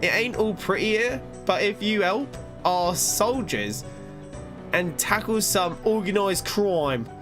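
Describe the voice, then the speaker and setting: A man's voice: sits high, lively intonation, slow pace, over music, voice pushed up. A man voicing a blunt female shopkeeper in a video game with a put-on London chav accent and a brash, street-tough delivery.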